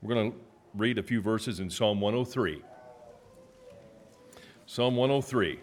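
A man with a fairly low voice preaches to a church. He speaks haltingly, with fillers and restarts, then reads scripture one loud, stressed phrase at a time. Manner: emphatic, rising to loud stressed phrases when reading scripture. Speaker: guest preacher. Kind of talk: sermon with call-and-response reading.

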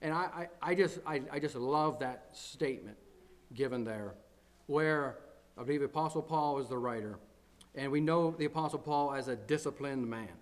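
A man's voice: medium pitch, normal speed. A man preaching as pastor to his congregation, earnest, often repeating phrases and building to emphatic declarations. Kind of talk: sermon.

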